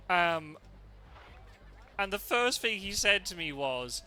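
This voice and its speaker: A man's voice: a little high, lively intonation, normal speed, pushed and bright, a little hiss or hum. A man chatting casually while he streams a game live, telling rambling stories with frequent laughs and the odd swear word.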